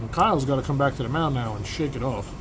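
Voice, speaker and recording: A man in the announcer's chair for a tabletop baseball replay, calling each pitch like a radio broadcaster. His voice sits in a middle range and he breaks off now and then to check the dice. Air conditioning hums steadily behind him. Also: fairly quick, gravelly. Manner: broadcaster-style calls mixed with asides about dice rolls. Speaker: replay host and play-by-play announcer. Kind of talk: mock radio play-by-play of a tabletop baseball game. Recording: air-conditioning hum in the background.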